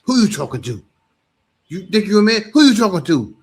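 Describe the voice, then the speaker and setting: A man's voice: high voice, sing-song, fairly quick, a little hiss or hum. A man voicing an angry man who aggressively confronts a woman. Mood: confrontational. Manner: threatening, loud, demanding.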